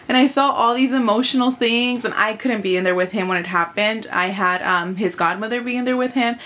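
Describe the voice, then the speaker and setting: A woman's voice: fairly high pitch, brisk, hardly any pauses, a bit bright. A young woman vlogging to camera as a mom, retelling a personal experience in a chatty, emotional way, with lots of fillers. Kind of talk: casual vlog monologue.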